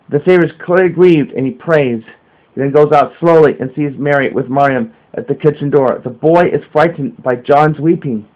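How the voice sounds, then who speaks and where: A man's voice: fairly high pitch, moderate pace. A man reading a religious narrative aloud, earnest, with occasional slips and restarts. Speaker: reader. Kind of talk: amateur reading of a religious text. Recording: dull lo-fi home recording.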